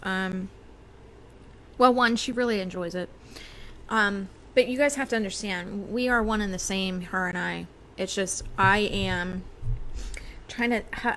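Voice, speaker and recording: A woman's voice: medium pitch, sharp tone, slight background noise. A woman hosting a casual spiritual livestream, talking loosely as a medium with lots of fillers. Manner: chatty, with many fillers and small laughs. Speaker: psychic medium host.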